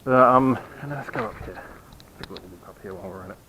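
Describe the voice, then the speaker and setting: A man's voice: fairly low pitch, quick pace, sharp tone, poor audio. Man host, casual night-walk vlog, self-mocking and rambling, hiccups, handheld camera outdoors, faint street hum behind. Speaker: channel host. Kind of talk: casual walking vlog update. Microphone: handheld camera while walking.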